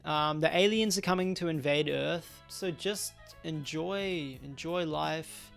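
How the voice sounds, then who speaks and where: A man's voice: a little high, slow pace, vocal fry, fairly bright tone, faint music behind. A young man, hosting a podcast and giving blunt, slangy opinions in casual chat. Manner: blunt and slangy, laughs at his own jokes. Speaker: podcast host.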